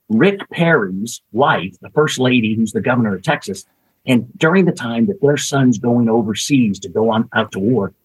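A man with a very husky, breathy voice tells stories as a podcast guest. He jumps between anecdotes and acts out what other people said, chuckling along the way. His pitch sits in a mid range. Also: poor audio. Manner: lively anecdotes with acted quotes and laughter. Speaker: guest, executive search consultant. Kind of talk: storytelling in a podcast interview.

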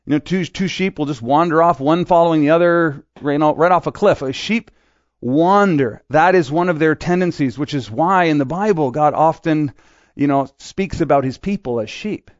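A middle-aged pastor from Quebec, Canada, with a rather high voice preaches a sermon at normal speed, sounding conversational and joking. He acts out little voices in asides as he tells stories. The recording is dry, with the highs cut off.

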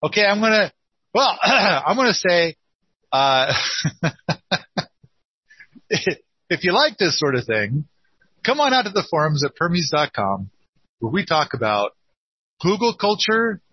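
A man's voice: high-pitched, sing-song, slow pace, long pauses, slightly rough, no echo, highs cut off. A man hosting a casual call-in chat, speaking in a playful, teasing way. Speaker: host.

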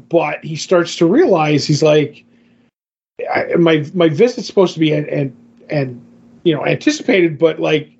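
A man's voice: a little high, lo-fi sound. A man co-hosting a podcast, recapping a comic in casual chat, rambling with lots of fillers and restarts. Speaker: podcast co-host.

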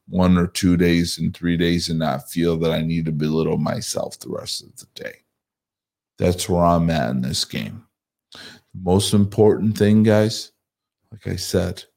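A man's voice: sits low, darkish tone. A middle-aged man hosting a podcast, talking earnestly and reflectively about his morning routine and giving himself grace. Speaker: podcast host. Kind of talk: motivational podcast talk.

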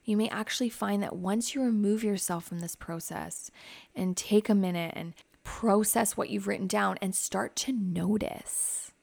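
A woman who hosts a psychotherapy podcast, guiding listeners through reflective questions in a gentle, advising way. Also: mid-range voice, unhurried, vocal fry, no echo. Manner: reflective, asks many questions.

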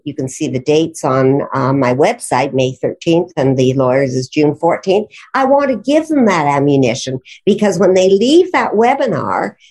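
A woman who teaches grammar explains rules with enthusiasm, her lowish voice rising and falling a great deal. She talks in an easy conversational way and laughs often. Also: darkish tone, breathy edge. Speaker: grammar and writing instructor, guest.

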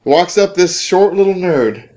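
A man's voice: high-pitched, measured pace, a little mellow. A young man casually telling a rambling story with lots of fillers, laughing often.

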